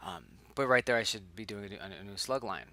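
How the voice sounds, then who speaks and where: A young man reading through his own screenplay in casual think-aloud chat, rambling and correcting himself, sometimes dropping to a hushed whisper. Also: fairly low pitch, brisk, no echo.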